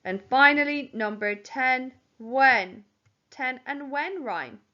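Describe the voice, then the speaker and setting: A slow, deliberate woman teaching spelling to young children, sounding out each word letter by letter. Her voice sits a little high, and the home recording sounds dull and lo-fi. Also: pushed and bright. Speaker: primary school teacher. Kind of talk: home learning spelling lesson.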